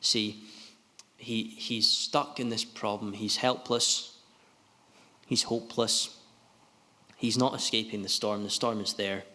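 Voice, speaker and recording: Earnest preacher in a reverberant hall. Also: male voice, lowish voice, steady tone, sharp tone. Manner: earnest, halting with many restarts. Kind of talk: sermon. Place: gospel hall.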